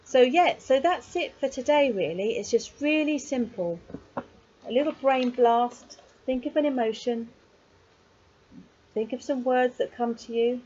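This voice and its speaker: A woman giving a casual video lesson on writing poetry, chatty and encouraging, with frequent pauses and digressions. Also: high-pitched, a little mellow. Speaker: poetry workshop teacher. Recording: slightly dull lo-fi sound with faint noise.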